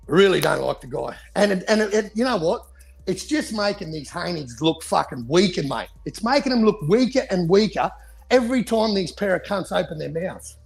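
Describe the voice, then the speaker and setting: A man's voice: fairly high pitch, gravelly, slightly rough. A man co-hosting a casual boxing podcast, talking in profane, heated rants. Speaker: podcast co-host.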